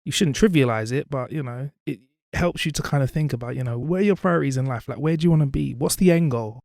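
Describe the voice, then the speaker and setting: Animated young man telling stories. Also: medium pitch, fast talker, gravelly, dry recording, studio quality. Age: 20s. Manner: animated, lots of "you know". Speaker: guest, media presenter. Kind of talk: casual interview chat and storytelling.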